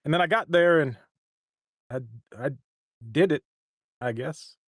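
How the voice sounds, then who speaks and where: A voice actor and stream co-host speaks a little slowly in a fairly high voice, chatting casually on a livestream. He rambles and frequently restarts his sentences, in clean studio sound with no echo.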